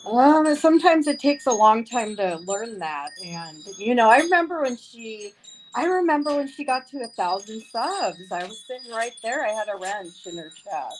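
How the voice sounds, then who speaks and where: A woman's voice: fairly high pitch, expressive, moderate pace, poor audio. A woman streaming live, ranting angrily and swearing, repeating herself over and over. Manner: heated, profane, repeats herself. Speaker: livestreamer. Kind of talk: angry ranting livestream. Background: faint wind chimes.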